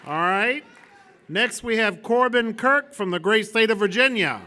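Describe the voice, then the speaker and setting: Man, emcee, brisk announcements, high pitch, crowd behind. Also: lively intonation, pushed and bright, slight background noise. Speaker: session emcee. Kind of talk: announcing speakers. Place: large convention hall.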